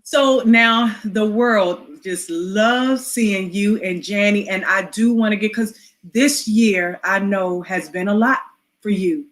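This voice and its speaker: A woman hosting a casual interview, responding with warm affirming interjections and questions. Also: mid-range voice, takes it slowly. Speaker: interview host.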